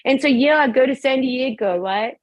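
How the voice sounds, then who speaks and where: A woman on a group video call, telling a personal story in a casual, animated way, laughing often and acting out her own past thoughts. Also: high voice, moderate pace, no room sound. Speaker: participant sharing a testimony on a group call.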